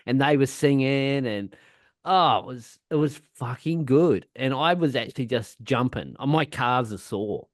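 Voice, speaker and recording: A man's voice: medium pitch, expressive, measured pace, no room sound, clean studio sound. A man co-hosting a podcast, telling a rambling, swear-filled festival story in casual chat. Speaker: podcast co-host.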